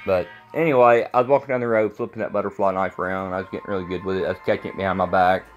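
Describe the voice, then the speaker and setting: A man's voice: low voice, steady tone, rapid-fire, lo-fi sound, soft background music. A man in his thirties, a vlogger talking to camera in a blunt, rambling way, repeating himself. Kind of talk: casual rambling monologue to camera.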